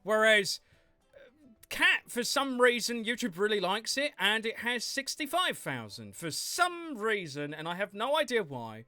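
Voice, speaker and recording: A man's voice: sits high, sing-song, measured pace, sharp tone, dry recording, faint music behind. A man chatting playfully with his viewers while he livestreams a game, teasing and laughing often. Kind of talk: casual gaming stream chat.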